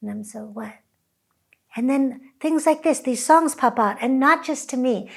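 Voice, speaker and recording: A woman who teaches chanting, talking reflectively and softly, now and then breaking into chant. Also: high-pitched, moderate pace, vocal fry. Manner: soft-spoken, breaks into sung chant.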